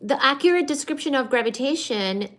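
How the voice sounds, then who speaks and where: A woman hosting a casual study-with-me livestream, chatty and expressive as she reads and answers viewer comments. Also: high voice, brisk. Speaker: livestream host.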